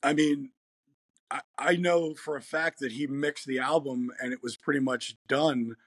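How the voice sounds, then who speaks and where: Rambly american guy in an interview, husky voice, laughs a lot, dead dry sound. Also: medium pitch, fairly even intonation, a little slow, dry recording. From United States. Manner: laid-back, rambling, laughs often. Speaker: guest musician. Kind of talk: casual interview chat.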